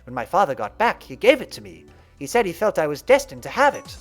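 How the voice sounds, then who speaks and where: A man reading the lines of a gentle, polite teenage boy in a soft-spoken, reflective way. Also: a little high, huge pitch swings, fast, soft background music. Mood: calm.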